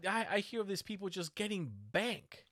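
A man with a bright, slightly high voice rants in casual talk, cursing freely and getting heated. The sound is dry and close. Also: moderate pace, no echo. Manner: animated, swears a lot, ranting. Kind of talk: casual chat.

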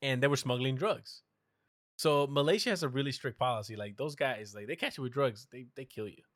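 A man's voice: medium pitch, brisk, a bit bright, no room sound, clean studio sound. A young man in casual podcast chat, telling stories animatedly, swearing and mimicking his mother.

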